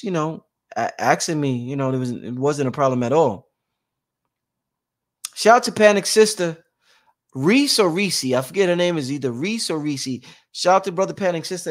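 Man, casual livestream host, informal, repetitive, shifting volume. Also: mid-range voice. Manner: reads out chat shout-outs, swings between loud and hushed; informal, drawn-out, repeats phrases.

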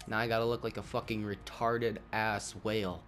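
A man giving casual gameplay commentary, rambling and swearing, with sudden loud outbursts. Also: lowish voice, little pitch movement, normal speed, slight background noise. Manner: profane, rambling, jumpy outbursts. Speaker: gaming YouTuber.

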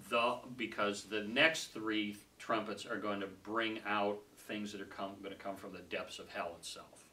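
A man leading a casual Bible study group, talking conversationally, laughing easily and trailing off softly. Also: fairly low pitch, fairly even intonation, moderate pace. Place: small room with a group. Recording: distant mic with faint room noise.

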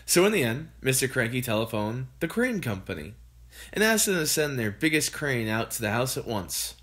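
Lively storybook read-aloud, bright voice, pitch bouncing all over. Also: normal speed. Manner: expressive, animated. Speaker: storybook reader. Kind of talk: reading a children's book aloud.

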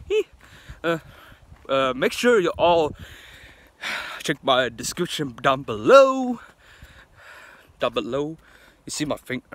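Goofy rambling man, lively high voice. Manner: rambling, goofy, keeps correcting himself. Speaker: vlogger. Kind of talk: casual rambling vlog. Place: outdoors at night, walking.

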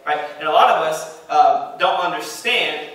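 Man preaching, fairly high bright voice, emphatic and repetitive, echoey church room, heard from a distance. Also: unhurried. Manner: emphatic, repeats phrases, reads scripture aloud. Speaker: pastor. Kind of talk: sermon. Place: church sanctuary.

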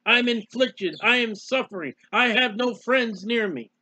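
A man's voice: very high voice, unhurried, pushed and bright. A man preaching an impassioned Bible sermon, speaking emotionally and repetitively in the first person as the psalmist. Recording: dull lo-fi recording.

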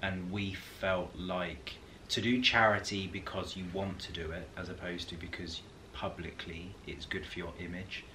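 A man's voice: low voice, steady tone, normal speed, few pauses, noisy background. A man casually chatting with his wife in a couple Q&A video, joking and laughing. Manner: laughs often, jokey and self-mocking. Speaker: vlog host. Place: home.

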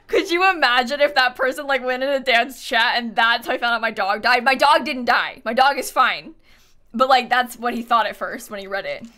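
A woman's voice: on the high side, moderate pace, pushed and bright. A young woman streaming live, chatting casually, giggling often and reading her chat aloud with plenty of fillers.

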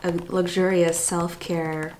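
A woman freelance writer talking through a software demo in a relaxed, candid way. Her talk is loose and full of filler words, with dry, sarcastic asides. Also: lowish voice, slow, slight background noise. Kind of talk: casual review and demo.

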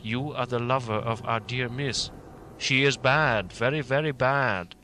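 A man's voice: medium pitch, bright, forceful tone, slight background noise. A man voicing Van Helsing, grave old professor. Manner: grave, urgent, measured speech. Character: elderly male professor, grave and commanding, kindly.

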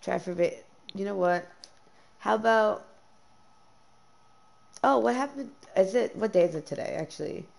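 A young woman streaming a life-sim game, chatting casually with lots of ums and quick bursts of dismay. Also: mid-range voice, creaky, darkish tone. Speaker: gameplay streamer. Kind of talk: casual gameplay commentary.

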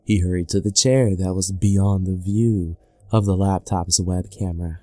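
A man narrating a horror story in a measured, scripted voice. His tone is fairly low and dark, steady and deliberate. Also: no room sound, studio quality.

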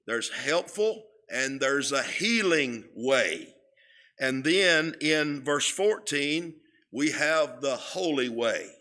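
A man teaching a Sunday school Bible lesson in a church, speaking in a slow, emphatic way and often repeating his words. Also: medium pitch, lively intonation, pushed and bright. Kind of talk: sermon-style Bible lesson. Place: church sanctuary.

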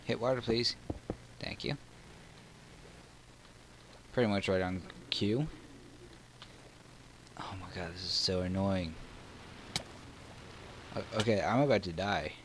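A man with a Southern US accent doing let's play commentary on his own gaming channel, muttering low and breaking into excited or frustrated outbursts. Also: takes it slowly, pauses often, slight background noise, low-quality recording.

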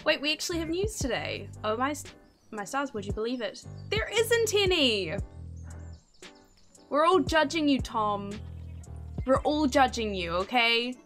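Young female streamer, excitable and swearing, very animated delivery, faint game music underneath. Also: sits high, unhurried, pauses often. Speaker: gaming streamer. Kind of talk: casual gameplay commentary.

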